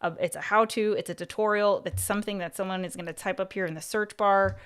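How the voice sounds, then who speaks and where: A woman's voice: medium pitch, fairly even intonation, quick pace, fairly bright tone, clean tone. A woman hosting a livestream and giving casual advice, talking in a chatty way that is full of "like" and "you know" and restarting her thoughts. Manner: restarts and repeats words mid-thought. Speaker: YouTube coach and livestream host.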